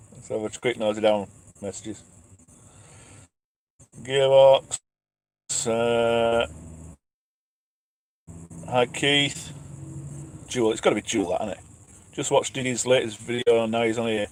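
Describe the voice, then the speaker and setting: A man's voice: mid-range voice, fairly even intonation, slow, long pauses. A man who drives trucks, chatting casually on a live stream from his cab at night, reading out viewer questions with self-mocking laughs. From England. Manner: chatty, self-mocking, laughs often, reads names aloud. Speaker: truck driver and channel host.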